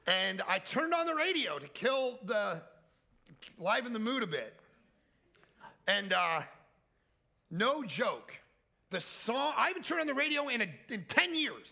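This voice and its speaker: A man preaching a lively camp sermon, telling stories and swinging from quiet asides to loud, high-pitched peaks. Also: measured pace, vocal fry, pauses often. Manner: animated storytelling with shouted high peaks. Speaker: pastor. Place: camp meeting hall.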